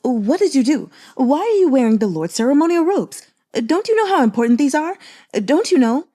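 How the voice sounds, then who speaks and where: A woman voicing a flustered, gossipy male housekeeper who scolds in rapid-fire questions. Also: very high voice, very animated, dark tone, exaggerated voice. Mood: alarmed scolding.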